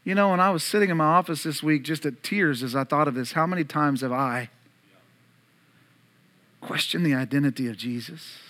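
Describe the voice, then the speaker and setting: A male pastor with a high, ringing, bright voice preaches an Easter sermon. He speaks with earnest conviction and keeps turning to the congregation with direct questions. His tone is focused and urgent throughout. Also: normal speed.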